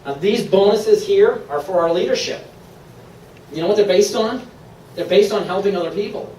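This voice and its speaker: A man from Maine giving an upbeat, persuasive sales pitch to a live room, laughing often. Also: moderate pace, darkish tone, roomy sound, recorded from a distance, slight background noise, rough recording. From Maine, USA. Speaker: presenter at a sales meeting. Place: meeting room.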